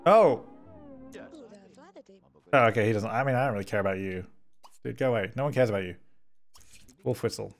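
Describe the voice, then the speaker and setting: A man hosting a gaming video, giving excitable let's play commentary, fretting aloud and talking at the characters on screen. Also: lowish voice, a little fast, pauses often. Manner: excitable, frets aloud and talks at the game characters.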